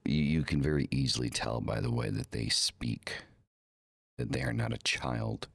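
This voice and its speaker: A man's voice: extremely low pitch, normal speed, gravelly, fairly bright tone, husky, no echo, clean studio sound. A man hosting his own live podcast, chatting casually and rambling with many fillers and repeated words, using a home streaming mic. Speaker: podcast host.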